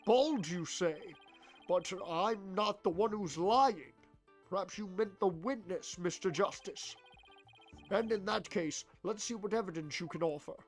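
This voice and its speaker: A man putting on a low, mocking samurai prosecutor. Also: a little slow, faint music behind. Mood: taunting. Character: cold, sneering male samurai prosecutor.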